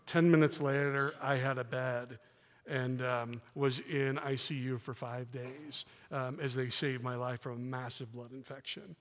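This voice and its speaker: A middle-aged man giving a sermon with personal testimony in a church, earnest and candid, with soft self-deprecating laughs. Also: mid-range voice, steady tone, measured pace, slight background noise. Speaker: guest preacher. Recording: long reverb of a church hall.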